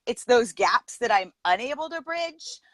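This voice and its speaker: A woman's voice: on the high side, unhurried, dry recording, low-quality recording. A middle-aged woman hosting a casual interview, talking earnestly and quoting herself as she explains her points. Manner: earnest, uses lively metaphors, quotes herself. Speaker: podcast host.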